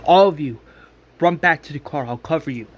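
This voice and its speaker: A man voicing a tough, steady young female survivor who gives calm, urgent orders in his everyday voice. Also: a little high, fairly quick, dull audio, natural voice.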